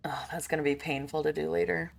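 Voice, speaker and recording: A woman's voice: low voice, flat delivery, fast talker, gravelly, a little hiss or hum. A woman streamer chatting casually, laughing often and swearing, as she reads game text aloud.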